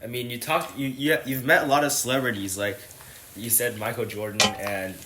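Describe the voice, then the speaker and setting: Co-host man, halting casual questions, mid voice, loud background noise. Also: mid-range voice, steady tone. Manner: brief backchannels, halting questions. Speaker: podcast co-host.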